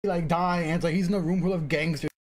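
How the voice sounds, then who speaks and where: A man's voice: a little high, steady tone, quick pace. A man chatting on a replayed stream clip, unsure of himself and trailing off. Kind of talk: casual live-stream chat.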